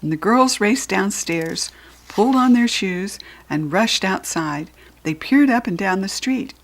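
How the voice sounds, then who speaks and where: An American woman reading a children's storybook aloud, lively and expressive. Her voice sits at a plain middle pitch. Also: unhurried. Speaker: children's book reader.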